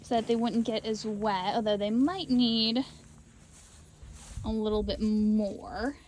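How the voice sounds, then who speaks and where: A woman's voice: steady tone, slow pace, a little mellow, slight background noise. Chatty woman vlogging among her sheep. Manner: chatty, coaxing animals in a high sing-song. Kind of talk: casual farm vlog. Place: outdoors in a sheep pen. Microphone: handheld camera while working.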